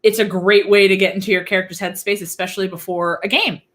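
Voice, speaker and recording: A young woman, a music teacher and guest, chatting excitedly on a video call. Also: quick pace. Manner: chatty, excitable, breaks into sung and squeaky bits. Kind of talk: casual interview chat.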